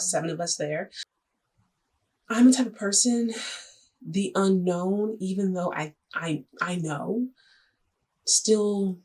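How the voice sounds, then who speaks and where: A young woman with a husky, slightly low voice tells a personal story straight to the camera. Her delivery is chatty and a little dramatic, with jokey asides and quick shifts. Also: a little mellow. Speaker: vlogger.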